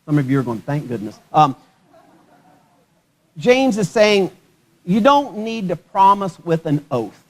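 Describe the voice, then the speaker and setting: A man's voice: sits high, big pitch swings, slow pace, long pauses. A male pastor giving a sermon at a church service, conversational and joking, often putting questions to the congregation.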